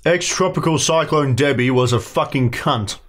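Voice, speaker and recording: A man's voice: mid-range voice, moderate pace. A young Australian man co-hosting a casual podcast, blunt and grumpy, swearing a lot. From Gold Coast, Australia. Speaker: podcast co-host.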